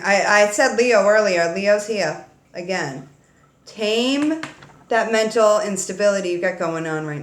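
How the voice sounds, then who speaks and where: Woman tarot reader, casual and playful, salty slang, roomy echo. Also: mid-range voice. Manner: playful, slangy, swears freely, talks straight to viewers.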